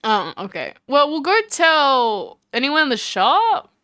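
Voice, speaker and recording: A woman's voice: high-pitched, big pitch swings, slow, pushed and bright, no room sound, clean studio sound. A woman streamer chatting casually and rambling with self-mocking asides while playing a game.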